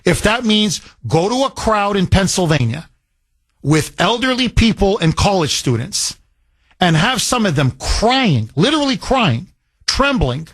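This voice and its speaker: Husky, heated male talk radio host. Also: high-pitched, sing-song, unhurried, fairly bright tone, no room sound. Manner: heated, emphatic, repetitive. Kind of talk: opinionated political talk radio.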